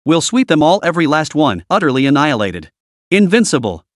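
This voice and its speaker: A man voicing a brash, boastful young guild master who gloats excitably. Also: fairly high pitch, a little fast, dry recording, studio quality. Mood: gloating.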